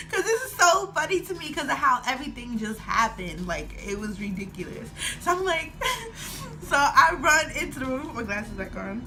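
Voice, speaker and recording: A woman's voice: high-pitched, sing-song, moderate pace, sharp tone, faint music behind. A woman in her twenties telling a storytime vlog at home, laughing often as she talks. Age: 20s. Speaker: vlogger.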